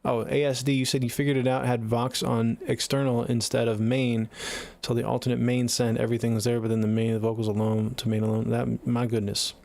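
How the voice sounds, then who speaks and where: Gravelly laid-back man chatting on a livestream. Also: mid-range voice, little pitch movement, brisk, darkish tone. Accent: Seattle. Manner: laid-back, profane, joking. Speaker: livestreaming music producer. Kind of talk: casual livestream chat, reading viewer comments.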